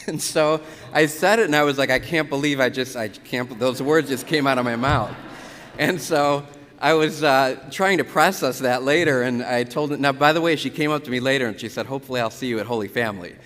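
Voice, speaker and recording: A Catholic priest giving a conversational sermon, telling stories from the pulpit with lively retellings. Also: male voice, mid-range voice, brisk. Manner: conversational storytelling, animated retellings. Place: church. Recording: church reverb.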